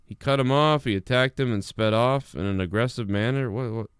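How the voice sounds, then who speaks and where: Young guy hosting his stream, swears a ton, rambles and restarts, smooth voice, dry close sound. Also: mid-range voice, fairly quick, no room sound. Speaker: live stream host. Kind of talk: casual live-stream commentary.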